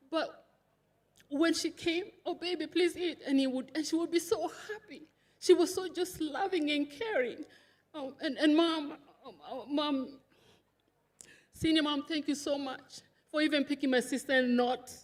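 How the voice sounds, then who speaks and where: A woman giving an emotional funeral tribute, rambling and tearful, with laughter breaking through. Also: high voice. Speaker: eulogy speaker, sister of the widow.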